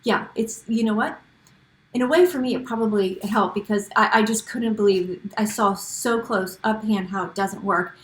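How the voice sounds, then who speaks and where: A woman's voice: mid-range voice, normal speed, reverberant, poor audio. A middle-aged woman hosting a casual talk to camera, chatty and encouraging, often restarting her sentences. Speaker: host.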